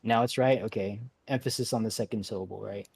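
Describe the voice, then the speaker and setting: A man leading an online game raid, giving relaxed instructions with many fillers and restarts. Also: lowish voice, fast, creaky, slightly rough. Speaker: raid leader. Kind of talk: casual instructions over voice chat.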